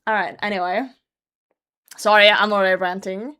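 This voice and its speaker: Woman streamer, a bit high-pitched, blunt, swears a lot, laughs while reading aloud, casual chat at a desk mic. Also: animated, moderate pace, fairly bright tone. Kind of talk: livestream chat, reading a story aloud with commentary.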